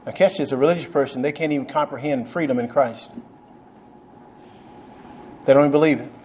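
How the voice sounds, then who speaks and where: A man's voice: mid-range voice, a little fast, a little mellow, a little hiss or hum. A man from Texas, preaching a sermon emphatically, with frequent chuckles and amens. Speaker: pastor.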